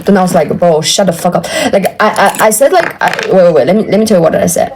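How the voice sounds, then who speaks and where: A woman whose first language is Tibetan, venting to a friend on a phone call in an animated, exasperated way with lots of fillers. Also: on the low side, very fast, slight background noise. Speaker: vlogger.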